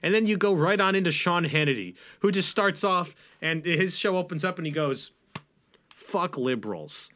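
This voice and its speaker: A young man co-hosting a podcast, talking in a rambling, animated way and mocking what he describes. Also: high voice, a little fast, hardly any pauses. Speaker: podcast co-host. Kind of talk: casual podcast chat.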